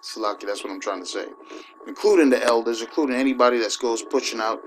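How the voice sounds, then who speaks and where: A man preaches in a loose, conversational way at a middling pitch, pressing each point with a quick "all right?". When he reads scripture he slows right down. A faint hiss sits under his voice. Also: poor audio. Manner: emphatic, keeps asking "all right?"; slows down to read scripture aloud. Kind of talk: informal sermon with scripture reading.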